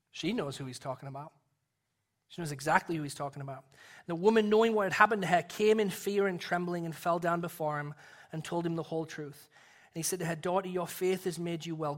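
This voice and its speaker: Earnest high-voiced male preacher. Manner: earnest, drops to a soft hush for emphasis. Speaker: pastor. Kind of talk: sermon.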